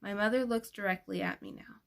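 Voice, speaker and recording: A woman reads a first-person novel aloud at an even middle pitch. She sounds gentle and expressive, and she changes her voice for each character in the dialogue. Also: brisk, gravelly. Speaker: audiobook reader. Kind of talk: first-person audiobook narration.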